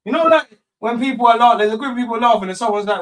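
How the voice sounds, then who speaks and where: A man's voice: expressive, quick pace, few pauses, a bit bright. A young man hosting a football watchalong, chatting casually and ranting back at his live chat with a lot of swearing. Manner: rants at live chat, swearing, high-pitched indignation. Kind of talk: live match reaction chat.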